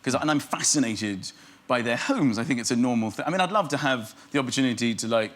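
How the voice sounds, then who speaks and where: A middle-aged comedian, appearing as a guest on a chat show, tells rambling comic anecdotes in an animated way, drawing laughs. His voice is medium-pitched and quick, recorded in a TV studio with a live audience.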